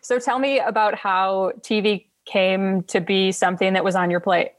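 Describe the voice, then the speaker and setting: A woman's voice: mid-range voice, steady tone, moderate pace. A woman from Wisconsin hosting an interview, chatting casually and affirming her guest often. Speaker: interview host.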